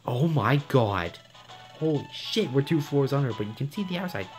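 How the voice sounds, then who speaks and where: A man's voice: medium pitch, animated, moderate pace, faint music behind. A young man commenting on a video game late at night at home, swearing often, stammering and reading dialogue aloud. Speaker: let's play commentator.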